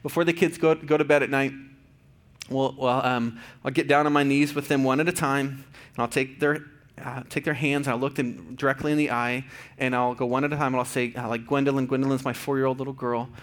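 A man in his thirties, a pastor giving a conversational, earnest sermon with fillers and restarts, going soft and quiet at tender points. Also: mid-range voice, fairly even intonation, a little fast. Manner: drops to soft, quiet tones for tender moments.

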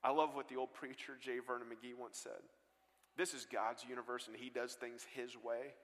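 A man preaching a sermon and telling stories with earnest swings between loud bursts and hushed lines, on a stage mic in a large church. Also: medium pitch, level tone, normal speed. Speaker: guest pastor. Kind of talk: sermon storytelling. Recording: long hall reverb.

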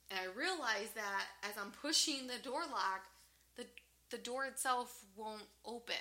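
A woman co-hosting a podcast, telling a story in an animated, casual way, swearing freely and laughing often. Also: a little high. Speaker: podcast co-host.

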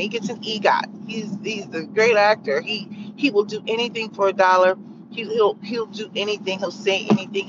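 A woman's voice: mid-range voice, dull audio, noisy background. Sarcastic woman vlogging from a car. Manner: sarcastic, rambling, lots of fillers. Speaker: vlogger sharing opinions. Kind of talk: casual opinion monologue.

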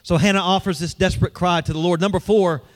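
A man's voice: high voice, steady tone, quick pace. A male pastor preaching a sermon in a church, in a conversational way, asking the congregation questions.

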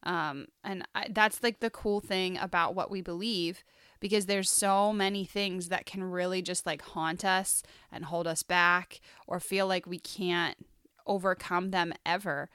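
Smooth-voiced woman reflecting on faith. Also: fairly low pitch, fairly even intonation, measured pace, fairly bright tone, no room sound, studio quality. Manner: thoughtful, heavy on "like" fillers. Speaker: podcast co-host. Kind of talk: casual Bible study discussion.

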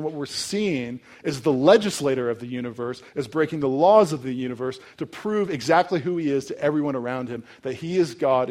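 A man's voice: medium pitch, darkish tone. A young adult man preaching a sermon in a conversational, storytelling way with touches of humor. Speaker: pastor.

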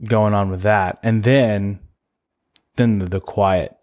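Easygoing low-voiced man chatting. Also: steady tone, slow pace, a little mellow. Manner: rambling, easygoing, laughs often. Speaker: podcast co-host. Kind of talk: casual faith conversation.

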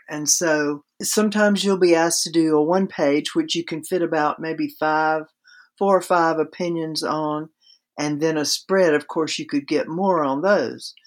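A woman guest on a podcast interview, explaining writing craft in a conversational way with practical examples. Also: deep voice.

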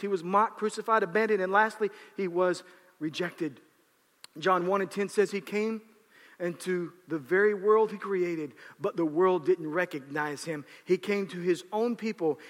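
A man preaching a sermon, swinging between raised, shouted passages and quiet, low asides. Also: normal speed, in a large hall. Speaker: pastor.

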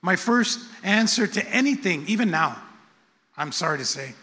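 A man's voice: high voice, expressive, normal speed, bright, forceful tone. A middle-aged man preaching a sermon, conversational and repetitive, with self-deprecating asides. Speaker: pastor. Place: church sanctuary. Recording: long church hall reverb.

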